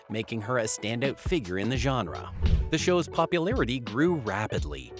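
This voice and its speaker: Lively, dramatic male documentary narrator. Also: medium pitch. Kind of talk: scripted biography narration. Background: background music.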